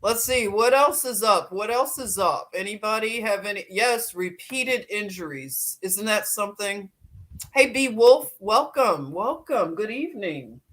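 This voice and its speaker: A woman's voice: mid-range voice, lively intonation, measured pace, fairly bright tone. A woman hosting a casual livestream, greeting viewers by name and laughing often as she chats. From Philadelphia. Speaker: livestream host.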